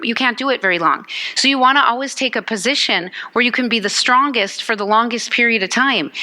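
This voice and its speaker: Bright, animated woman giving a motivational talk. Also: fairly high pitch. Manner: animated, acts out quotes, asks the audience rhetorical questions. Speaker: guest motivational speaker. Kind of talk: motivational talk at a church service.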